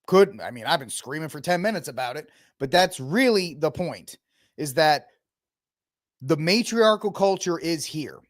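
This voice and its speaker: A man's voice: a little high, lively intonation, normal speed, no echo, clean studio sound. A man hosting a podcast, ranting with sarcasm and mocking impressions in a heated political commentary. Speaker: podcast host.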